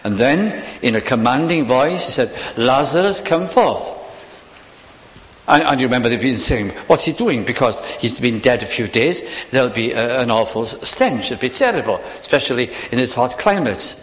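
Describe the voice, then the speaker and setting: Male preacher, sermon delivery, lively pitch, slow weighty pauses, church hall reverb. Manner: expressive, varied delivery with slow emphatic pauses.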